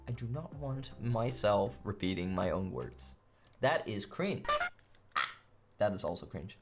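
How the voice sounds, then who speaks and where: A man's voice: fairly low pitch, huge pitch swings, measured pace, pauses often, a little hiss or hum. Goofy male streamer with a wildly swinging voice. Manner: playful and goofy, swinging between loud bursts and soft asides. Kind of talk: casual live-stream chat.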